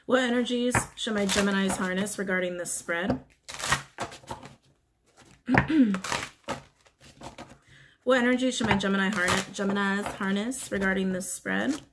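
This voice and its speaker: A woman's voice: medium pitch, a little slow, pauses often, heavy background noise. A woman giving a casual tarot reading, talking bluntly, swearing freely, and repeating phrases for emphasis. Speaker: tarot reader.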